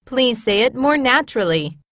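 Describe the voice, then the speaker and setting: A woman reading classroom English phrases in a clear, measured, teacher-like way, as scripted studio narration. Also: fairly high pitch, animated, a bit bright, dry recording.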